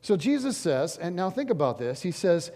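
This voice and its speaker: A high-pitched man preaching from the stage of a large church, his voice lively and swooping as he slips into casual, joking asides. The long reverb of the sanctuary trails after each phrase. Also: moderate pace. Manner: animated, conversational, jokey asides. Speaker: pastor. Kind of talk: sermon.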